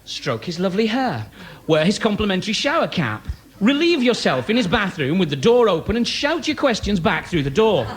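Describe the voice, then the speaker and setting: A man's voice: high-pitched, sing-song, fairly quick. A British man performing a comedy sketch live, giving tongue-in-cheek advice in an instructive tone. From Britain. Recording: live show with loud audience laughter.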